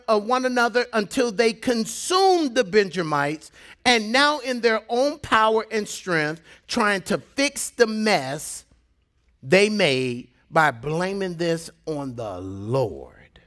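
In an extremely high-pitched voice, a male pastor gives a lively sermon. He tells stories with laughing asides and drops to a near-whisper when he wants emphasis.

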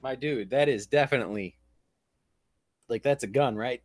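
A man's voice: medium pitch, moderate pace, a little mellow, soft background music. A man co-hosting a casual podcast stream, teasing the others with crude wisecracks. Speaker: podcast co-host.

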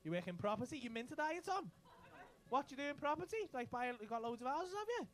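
A man's voice: very high voice, sing-song, fast talker, a bit bright. A man doing cheeky, sweary crowd work as a stand-up comedian in a comedy club. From England. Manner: cheeky, sweary banter with the audience. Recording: live club recording with crowd noise.

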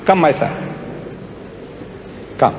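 A man giving a public lecture and answering audience questions, speaking emphatically and repeating words for effect. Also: very slow. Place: large lecture hall with audience. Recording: echoey hall with long reverb, faint noise.

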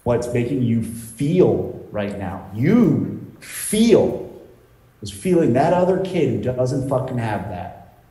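A man's voice: mid-range voice, sing-song, takes it slowly, mellow. A man, a business coach, challenging his client bluntly and with lots of swearing on a video call. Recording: echoey video call audio.

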